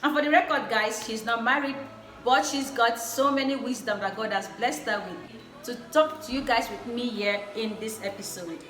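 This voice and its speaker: A woman's voice: a little high, moderate pace, a bit bright. A young woman hosting her own vlog in a casual, effusive way, often repeating her phrases for emphasis. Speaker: vlog host. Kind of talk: casual chat. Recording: echoey room with faint music.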